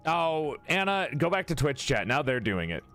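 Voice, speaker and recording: A casual streamer, a man with an animated, swinging voice who rambles, swears and laughs along with chat. He stumbles and restarts his sentences freely, while soft soundtrack music plays quietly behind him. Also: a little high, moderate pace. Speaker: streamer and game player. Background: faint game soundtrack music.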